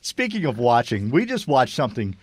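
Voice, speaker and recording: An easygoing man co-hosting a sports podcast, often laughing and restarting his sentences. His voice moves lively up and down. The recording is dry and close. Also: medium pitch, fairly quick, breathy edge, no echo. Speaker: podcast co-host. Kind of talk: casual sports chat.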